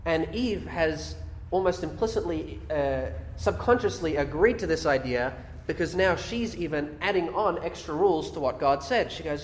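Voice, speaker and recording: A man's voice: fairly high pitch, expressive, normal speed, a little hiss or hum. A man preaching a sermon, reading scripture verses aloud and explaining them with rhetorical questions. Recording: echoey hall with long reverb.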